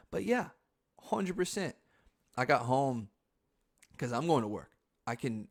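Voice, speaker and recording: A young man hosting his own podcast, chatting casually about his week. He talks loosely and profanely, jumping between quiet asides and sudden loud bursts. His pitch sits in an ordinary middle range. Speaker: podcast host. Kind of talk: casual storytelling monologue.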